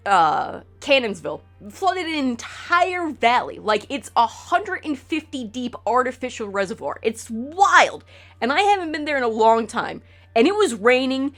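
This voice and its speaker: A woman streams from home, chatting loosely with her viewers and swearing as she wanders from one tangent to the next. Her voice sits a bit high and swings widely in pitch. Faint game music plays underneath. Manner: rambling, animated, swears freely. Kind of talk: casual chat with stream viewers.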